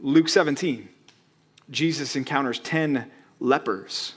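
A man's voice: mid-range voice, slow pace, husky. A man preaching a sermon as pastor, conversational, asking rhetorical questions and acting out quotes.

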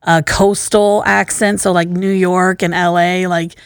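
A young adult American woman co-hosting a podcast, telling stories in a lively, casual way. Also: on the low side, clear, resonant tone, dry recording, clean studio sound. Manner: animated storytelling, quick, laughs a lot. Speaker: podcast co-host. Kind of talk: casual chat.

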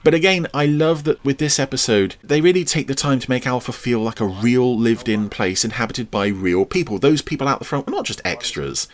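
A man's voice: medium pitch, expressive, a little fast, few pauses. A man hosting a podcast, giving chatty, enthusiastic commentary over an old TV episode. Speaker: podcast host.

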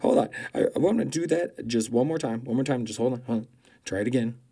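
A man doing a profane comedic political rant, swearing constantly, mocking loudly and laughing at his own jokes. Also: medium pitch, fast talker, husky.

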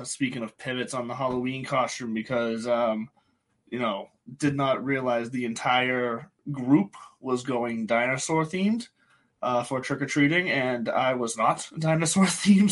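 A man's voice: medium pitch, a bit bright. A man in his thirties hosting a casual golf podcast, talking in a rambling way with restarts and chuckles. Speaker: podcast host. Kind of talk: casual chat.

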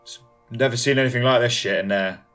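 A man doing a halting, uneasy police detective. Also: mid-range voice, fairly bright tone, faint music behind, natural voice. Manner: hesitant, halting, full of fillers.

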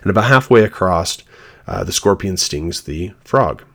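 A man with a deep, low-pitched voice talks through scripture on his podcast. His delivery is earnest and reflective, moving into personal testimony with sincerity. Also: lively intonation, normal speed. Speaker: podcast host. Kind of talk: devotional podcast talk.

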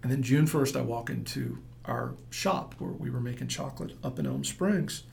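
Middle-aged male entrepreneur, gravelly voice, rambling storyteller who acts out the quotes. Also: mid-range voice, expressive, moderate pace, a little mellow, a little hiss or hum. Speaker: entrepreneur guest. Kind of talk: storytelling in a casual interview.

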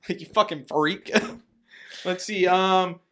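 A young man co-hosting a sports podcast, swearing a lot, laughing and mimicking fans in sudden loud bursts. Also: sits high, extremely slow. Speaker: podcast co-host. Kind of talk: casual sports chat.

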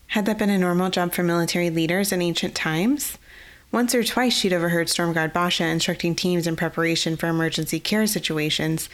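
A woman narrating a fantasy novel in a measured, even storytelling way. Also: lowish voice. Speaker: audiobook narrator.

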